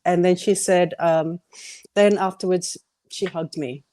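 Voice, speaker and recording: A woman's voice: lowish voice, fairly even intonation, a little slow, dark tone. A middle-aged woman, sharing her personal faith testimony in an earnest, candid way.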